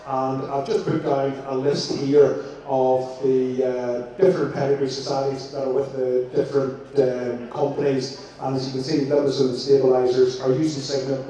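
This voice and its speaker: A man's voice: medium pitch, warm tone. A man with a Northern Irish accent, a vet giving a jokey presentation to an audience with frequent fillers. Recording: echoey room, distant mic.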